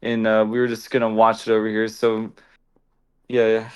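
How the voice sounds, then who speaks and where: A man's voice: fairly low pitch, completely flat delivery, moderate pace, clean tone. A young man co-hosting a podcast, chatting casually and rambling with lots of fillers and laughs. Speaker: podcast co-host. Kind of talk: casual chat.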